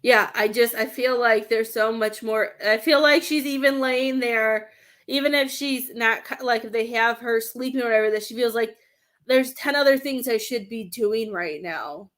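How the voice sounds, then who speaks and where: A woman's voice: a little high, moderate pace, a bit bright. A woman doing a live-stream reading as a medium, talking in a rambling, hesitant way and searching for words. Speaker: psychic medium.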